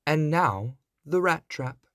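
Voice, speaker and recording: Man putting on a little old fairy godmother, raised voice, gentle but firm, slow storybook telling, dry sound. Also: expressive, no echo. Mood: brisk. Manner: gentle, commanding, higher and brighter than his narration.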